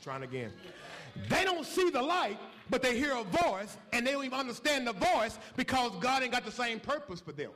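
Brief: male preacher, high voice with a wide swing, folksy call-and-response delivery. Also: sing-song, normal speed, pushed and bright. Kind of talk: sermon.

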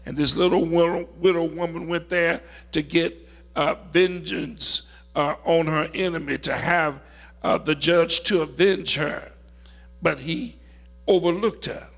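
Male preacher, high raspy bright voice, slow delivery, swells into shouting. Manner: storytelling, building to loud shouted climaxes. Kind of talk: sermon.

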